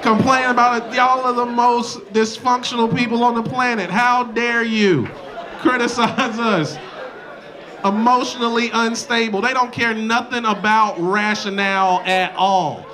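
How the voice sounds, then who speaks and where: A male comedian performing a loud, animated stand-up set on a club stage, slipping into mocking voices, with the audience laughing. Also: very high-pitched, unhurried. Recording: live club recording, crowd laughter. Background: crowd laughter.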